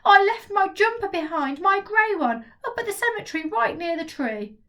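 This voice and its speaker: A woman's voice: extremely high pitch, expressive, normal speed, a bit bright, pitched above the performer's own voice. A woman voicing an anxious, clumsy young boy who rattles off worried questions. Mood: dismayed.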